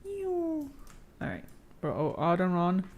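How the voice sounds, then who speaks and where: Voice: mid-range voice, steady tone, moderate pace, phone-quality sound, a little hiss or hum. A game streamer chatting casually while playing, slangy and profane, reading chat aloud and rambling with many fillers.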